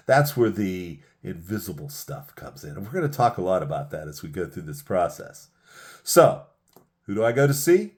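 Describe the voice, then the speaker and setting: A man's voice: lowish voice, a little mellow. A man giving a motivational sales lesson, emphatic and repeating key phrases for punch. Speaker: sales trainer.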